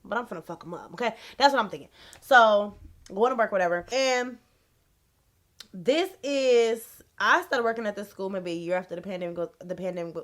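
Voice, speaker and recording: A young adult woman, telling a casual, animated, slangy storytime on her vlog. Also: medium pitch. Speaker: vlogger.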